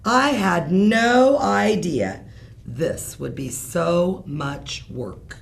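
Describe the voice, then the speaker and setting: A woman's voice: lowish voice, animated, drawn-out words, vocal fry, exaggerated voice. A woman reading a bedtime story aloud, voicing a firm, exasperated mother sorting her son's toys.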